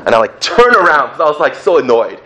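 Animated man telling his faith story. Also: a little high, quick pace, roomy sound, crowd noise. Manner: animated storyteller, laughs, drops to a hushed voice for prayers. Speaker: speaker giving a testimony. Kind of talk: personal testimony talk.

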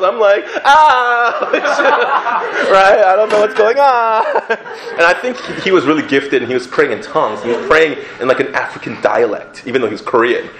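A young man tells his personal testimony in an animated way, laughing as he goes, then drops to a hush when he recalls prayers. His voice is high-pitched and the recording is reverberant.

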